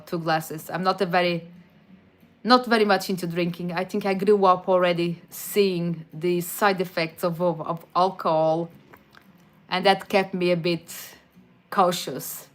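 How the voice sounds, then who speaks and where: A woman from Madeira with a Portuguese accent, chatting casually on a stream and answering viewers' questions, with frequent restarts. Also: lowish voice. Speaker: livestream host answering chat. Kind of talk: casual chat.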